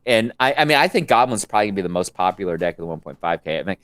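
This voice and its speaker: Animated middle-aged man telling stories. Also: sits low, racing. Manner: animated storyteller, acts out quotes. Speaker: podcast co-host. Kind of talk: casual chat.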